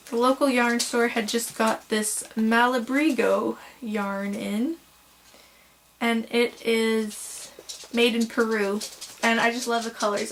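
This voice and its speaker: A young woman with a slightly high voice talks casually at home, gushing and rambling as she shows off her yarn. She sounds tired and is fighting the hiccups. A faint hum of room noise sits behind her. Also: a bit bright. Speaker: crochet vlogger. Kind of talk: casual show-and-tell vlog.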